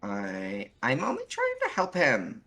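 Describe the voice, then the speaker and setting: A man's voice: mid-range voice, huge pitch swings, measured pace, sharp tone, exaggerated voice. A man reading a brash, smug teenage troll girl from a webcomic aloud, with a mocking, scornful delivery. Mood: defensive.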